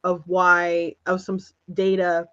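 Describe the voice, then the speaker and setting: A woman's voice: on the low side, completely flat delivery, slow, a bit bright, clean tone, highs cut off. A woman hosting an interview show, talking in a rambling, hesitant way with frequent restarts and laughter. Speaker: show host. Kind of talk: casual conversational interview.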